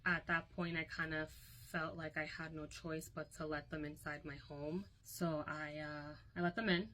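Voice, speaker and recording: A woman's voice: sits low, level tone, moderate pace, bright, forceful tone, a little hiss or hum, rough recording. A young woman recounting a painful personal story to her phone, candid and emotional, often quoting others.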